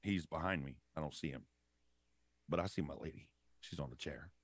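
A man's voice: a bass voice, fairly quick, no room sound. A young man telling a profane story in a casual podcast chat.

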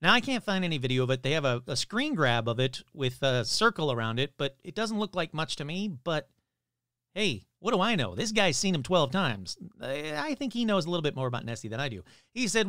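Lively joking male podcast host. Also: a little high, fairly quick, clean tone, dry recording, studio quality. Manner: joking, self-deprecating asides. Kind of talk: casual podcast monologue reading news. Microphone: studio microphone, adjusted mid-show.

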